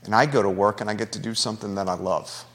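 A man's voice: on the low side, fairly even intonation, fast, a bit bright, in a large hall. A man hosting a local talk show, speaking earnestly and conversationally, at times emotional. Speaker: radio show host. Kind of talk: talk radio monologue.

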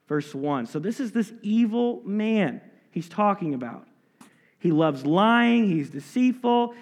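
A man with a high voice preaches an expository sermon from the pulpit. He reads scripture, then drives each point home with emphatic asides and sudden drops to near quiet. His voice rings with the long echo of a large hall. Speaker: pastor.

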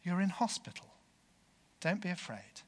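A preacher speaking as a young, kind hospital carer, soft and calm. The quiet, bright voice hangs in a long church reverb. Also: male voice, sits high, moderate pace. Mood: gentle calm.

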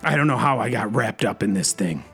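A man's voice: fairly low pitch, lively intonation, fairly quick, creaky, a bit bright, faint music behind. A man hosting an improvised comedy bit, rambling anxiously and saying freaking constantly.

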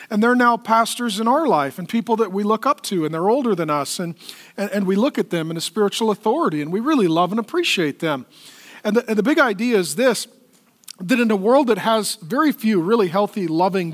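A middle-aged man, a pastor, preaching a sermon in a conversational, animated way and joking with the congregation. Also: high voice. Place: church auditorium. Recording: long reverb of a large hall.

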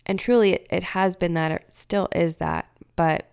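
A woman's voice: on the low side, steady tone, moderate pace, darkish tone. A woman in her thirties hosting a podcast, talking candidly and emotionally, often searching for words. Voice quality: gravelly fry. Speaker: podcast host. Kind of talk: casual personal monologue.

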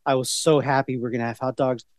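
A man's voice: medium pitch, flat delivery, fast, dry recording, studio quality. A middle-aged man co-hosting a casual podcast chat, rambling from one story to the next with many restarts. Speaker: podcast co-host.

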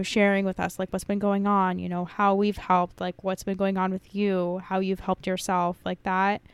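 A woman co-hosts a podcast in loose, effusive chat, swearing freely and piling up filler words. Her pitch sits in the middle of the range. The sound is dry and close. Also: clean tone, no room sound. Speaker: podcast co-host.

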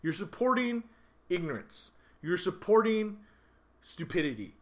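A man hosting a casual talk podcast, ranting in an exasperated, animated way. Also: high voice, unhurried. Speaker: podcast host. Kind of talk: casual opinionated chat.

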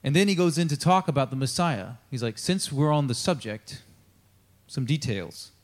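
A man's voice: mid-range voice, moderate pace. Casual, chatty American male pastor. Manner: casual, conversational preaching with many fillers; acts out dialogue between Bible figures. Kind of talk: sermon.

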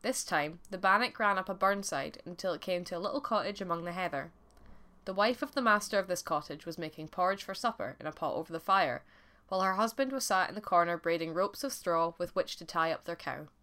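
A woman narrating a folk tale for a podcast in a clear, expressive storytelling voice. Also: fairly low pitch, brisk.

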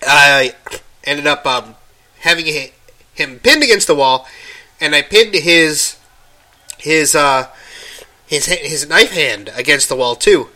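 A man hosting a podcast, telling a story in casual solo talk while getting over an illness, halting with many ums and restarts and stopping now and then to cough. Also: a little high, expressive, sharp tone. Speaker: podcast host.

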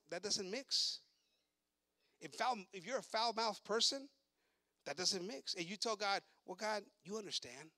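A man with a high, ringing voice preaching a sermon in both English and Spanish. He flips between the two languages, stumbles over repeated words, and rises to fervent shouting. The sound is close and dry, with no room echo. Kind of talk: bilingual sermon.

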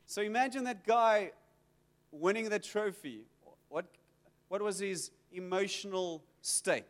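A man's voice: high-pitched, unhurried. A man preaching a sermon, telling stories with animation and acting out the prayers he quotes. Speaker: pastor. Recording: reverberant hall.

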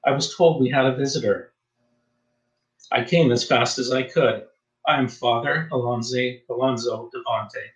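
A man's voice: medium pitch, normal speed, distant mic, close to an everyday voice. A man voicing an old village priest in his seventies, earnest and urgent, recorded with a roomy echo. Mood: polite.

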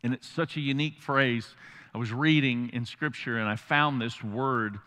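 Middle-aged guy preaching, folksy and jokey, bright voice, echo from a big church hall. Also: medium pitch, normal speed. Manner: folksy, humorous, animated asides. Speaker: pastor. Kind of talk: sermon.

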